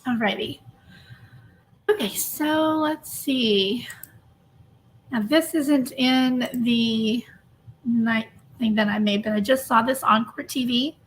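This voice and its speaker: A woman hosting a true crime livestream, chatty and a bit hurried, sounding emotionally drained as she greets viewers by name. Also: a little high, fairly even intonation, a little hiss or hum. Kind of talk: casual livestream chat.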